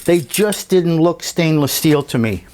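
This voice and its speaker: A man talking casually about his scale model at a home workbench, unhurried and thinking aloud with fillers and restarts. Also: a little high, animated, darkish tone, a little hiss or hum. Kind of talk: casual hobby workshop walkthrough.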